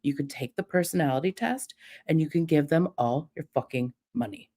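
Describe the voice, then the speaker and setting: A woman's voice: sits low, brisk, warm tone. A middle-aged woman hosting a livestream, ranting with defiant profanity and mocking imitations of her critics. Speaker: livestream host. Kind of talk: heated livestream rant.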